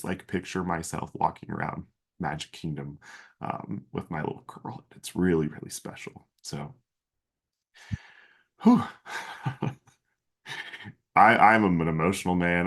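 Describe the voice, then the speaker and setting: A man's voice: extremely low pitch, gravelly. A man in his thirties hosting a podcast, telling a personal story in an earnest, emotional way with many fillers and restarts. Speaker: podcast host.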